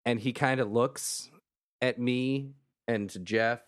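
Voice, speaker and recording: A man's voice: mid-range voice, fairly even intonation, slow. A man in casual podcast chat, telling a story in a laid-back way and backtracking to add details.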